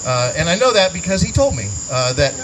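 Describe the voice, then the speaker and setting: A man's voice: a little high, big pitch swings, brisk. A man with a rural Virginia country accent performing a stand-up set on a club stage, chatty and self-mocking. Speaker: stand-up comedian. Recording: loud noisy live stand-up clip.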